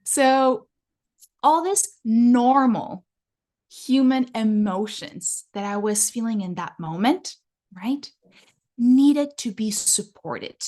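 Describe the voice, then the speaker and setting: Slow-talking Mexican-accented woman. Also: a little high, animated, mellow. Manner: earnest, reflective, often adds "right?". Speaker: relationship coach. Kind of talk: explanatory interview talk.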